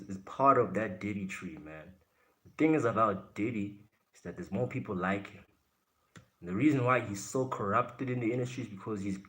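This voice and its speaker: Blunt, low-voiced man chatting on a live stream. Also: a bit bright. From South Africa. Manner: blunt, laughs often, answers viewer chat. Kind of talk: casual live chat reaction stream.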